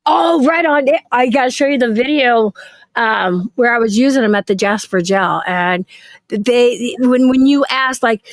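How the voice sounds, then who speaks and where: A woman hosting a casual video-call chat, talking in a quick, chatty way with fillers. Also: on the high side, no echo. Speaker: livestream host.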